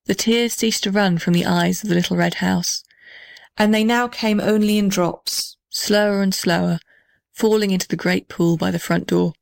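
A woman reading a children's storybook aloud in an even, gentle way. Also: medium pitch, normal speed, creaky, no echo.

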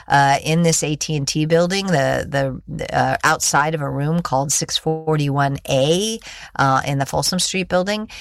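A woman's voice: deep voice, no echo, clean studio sound. A middle-aged woman, a guest in an interview, explaining and telling a story at length with frequent fillers and restarts. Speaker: guest, executive director of a digital rights group.

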